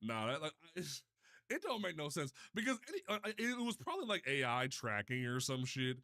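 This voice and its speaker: A man hosting a casual livestream, talking in an animated, profane way with frequent stumbling restarts. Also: a little high, fairly quick. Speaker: livestream host.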